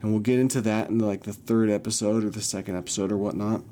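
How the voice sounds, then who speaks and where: Male podcast host, shaky and emotional, swears a lot, warm dark tone. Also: lowish voice, steady tone, fast, a little hiss or hum. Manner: emotional, rambling, swears often. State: recovering from illness, shaky. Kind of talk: casual personal monologue.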